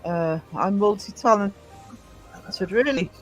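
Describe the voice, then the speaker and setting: A man's voice: high voice, expressive, takes it slowly, a bit bright, soft background music, poor audio. A man from Northeast England hosting a casual live stream, chatty and greeting his viewers. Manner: chatty, reads out and greets the chat. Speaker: livestream host.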